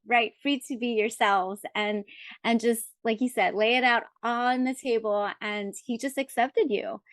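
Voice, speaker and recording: A middle-aged woman podcast host interviewing her co-host in casual chat, affirming and warm, circling back on her words as she thinks. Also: fairly high pitch, no echo, studio quality.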